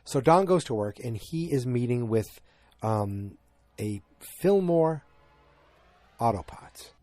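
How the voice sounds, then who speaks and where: A man's voice: mid-range voice, animated, a little slow, mellow, no echo. A man from north of Boston with a slight Boston accent, recapping a TV episode in a casual, rambling way with jokey asides. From north of Boston, Massachusetts. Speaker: podcast host.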